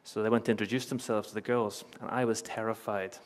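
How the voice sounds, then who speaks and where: A man's voice: lowish voice, fairly even intonation, fast. Earnest preacher man. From Northern Ireland. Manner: storytelling, earnest, emphatic repetition, light chuckles. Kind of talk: sermon. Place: church.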